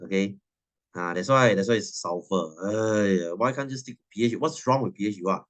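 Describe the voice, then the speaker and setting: A man's voice: fairly low pitch, moderate pace. A man, teaching a science class in a chatty, teasing way and laughing often. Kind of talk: classroom lesson.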